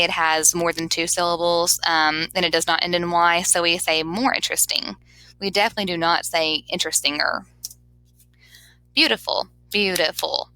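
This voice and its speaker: A woman's voice: fairly low pitch, bright, forceful tone, low-quality recording. A woman teacher giving a grammar lesson over slides, patiently sounding words out syllable by syllable.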